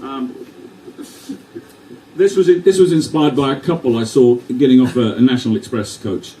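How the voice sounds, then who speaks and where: A man's voice: medium pitch, moderate pace, dark tone, slight background noise. Wry man performing poems, heard from afar. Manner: wry, self-deprecating, swears for laughs. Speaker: performance poet. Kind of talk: live poetry reading with banter. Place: live venue before an audience. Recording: distant mic in a live venue.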